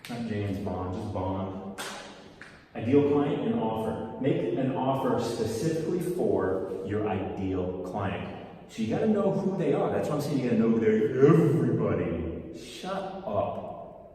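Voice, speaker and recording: A man teaching business in a casual motivational style, energetic and playful, often repeating key words. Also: medium pitch, moderate pace. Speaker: business coach. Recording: echoey room, far from the mic.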